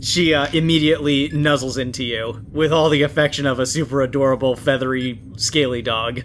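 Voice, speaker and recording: A man narrating a tabletop game as game master in a relaxed, descriptive way. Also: mid-range voice, brisk, a little hiss or hum.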